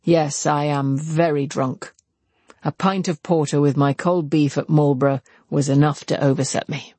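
A man reading aloud and voicing an earnest young gentleman confessing in an intense, serious way. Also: a little high, flat delivery, moderate pace, dry recording, lightly acted. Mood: calm. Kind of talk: audiobook character voice.

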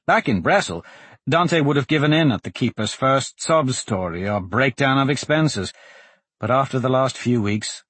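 Husky guy reading a fantasy story, lively delivery, dry close sound. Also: mid-range voice, no echo. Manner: expressive storytelling, voicing each character. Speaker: audiobook narrator. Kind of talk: scripted narration.

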